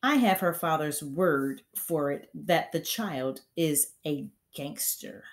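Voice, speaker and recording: A woman voicing a huge, furious headmistress who barks and booms her scorn, read aloud from a storybook. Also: slow pace. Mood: scornful, bellowing. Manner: loud barking, booming delivery.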